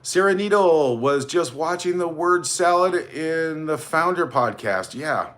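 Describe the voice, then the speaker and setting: A man's voice: a little high, lively intonation, unhurried, a bit bright. A man hosting a casual livestream, rambling and greeting viewers by name as he reads out their comments. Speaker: livestream host.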